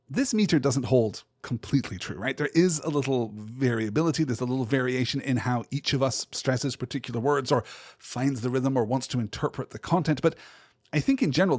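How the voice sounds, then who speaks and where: A man hosting a literary podcast, explaining poetic meter in a measured, thoughtful way. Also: medium pitch, darkish tone, slightly rough, dry recording, clean studio sound. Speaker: podcast host.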